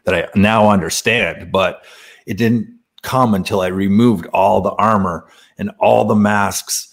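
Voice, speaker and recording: Earnest man telling a story, slightly low voice. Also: fairly even intonation, a little slow. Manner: earnest, laughing, many fillers. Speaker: podcast guest. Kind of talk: casual spiritual storytelling.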